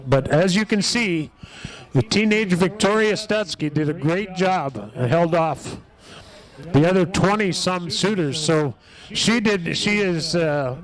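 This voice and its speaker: A man's voice: high-pitched, fairly bright tone, poor audio. A man announcing a race live, chatty and full of praise for the winner.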